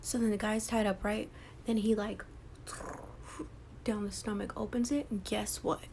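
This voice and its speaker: A woman's voice: medium pitch, little pitch movement, moderate pace, darkish tone, slight background noise. A young woman casually retelling a horror novel's plot, slipping into whispers and acting out the characters' lines with lots of swearing. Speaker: book vlogger.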